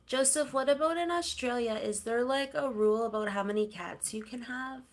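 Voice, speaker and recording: Chatty Canadian woman, slightly high voice. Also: normal speed. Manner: chatty, coos softly to her cats. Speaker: livestream host. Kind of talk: casual livestream chat.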